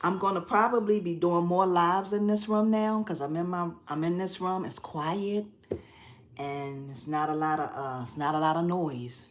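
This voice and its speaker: A middle-aged woman chatting casually on a phone live stream from a quiet room at home, expressive and quick to laugh. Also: on the low side. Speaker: craft channel host. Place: quiet spare bedroom at home.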